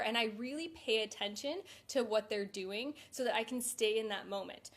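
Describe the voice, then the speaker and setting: Woman just chatting to camera, candid, lots of um and you know, kinda high voice. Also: normal speed, hardly any pauses. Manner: chatty and candid, many fillers. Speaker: fitness coach. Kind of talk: casual vlog talk.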